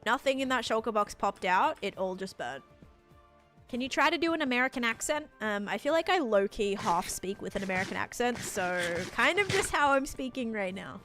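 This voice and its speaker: A young woman streams a game live and talks to her chat in a loose, rambling way, full of fillers. She sometimes slows down to explain things patiently. Soft music plays faintly behind her. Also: a little high, animated. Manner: rambling and chatty, many "like" fillers. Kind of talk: casual live gameplay chat, answering viewers.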